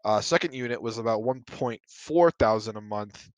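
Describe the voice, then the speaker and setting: A man's voice: lowish voice, moderate pace, no echo. A man hosting a casual solo podcast, talking bluntly and profanely, working himself into heated rants full of "you know" and "like.". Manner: loose talk with fillers like "you know" and "like". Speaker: podcast host.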